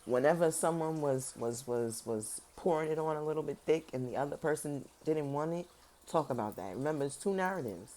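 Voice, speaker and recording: A woman giving a casual tarot reading, talking straight to her viewers in a sassy, animated way. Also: deep voice, a little fast. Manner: animated, swings between loud emphasis and soft serious tones. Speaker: tarot reader.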